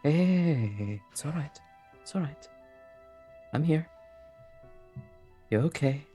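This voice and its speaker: A man voicing a calm man who comforts a friend in a soft, gentle, soothing voice. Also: mid-range voice, moderate pace, slightly rough, faint music behind, natural voice.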